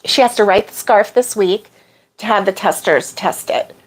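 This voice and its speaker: A woman hosting a casual crochet livestream, chatting as she reads out viewer comments, with drawn-out exclamations. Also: medium pitch.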